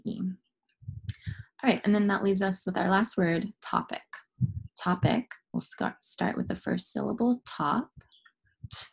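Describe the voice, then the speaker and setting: A woman's voice: lowish voice, gravelly, husky. A young adult woman teaching a phonics lesson to young students, patient and encouraging as she goes step by step.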